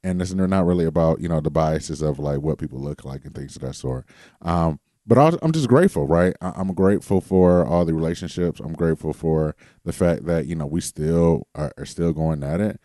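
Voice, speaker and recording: Man co-host, very low voice, rambling casual chat, dry close mic. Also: brisk, dark tone, no room sound. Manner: loose, rambling, self-described bass voice. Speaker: podcast co-host.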